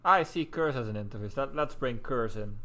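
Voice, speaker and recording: A man's voice: medium pitch, animated, brisk, a crowd in the background. Casual male race commentator. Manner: casual, chatty, breaks into laughs. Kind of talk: live sim-racing commentary.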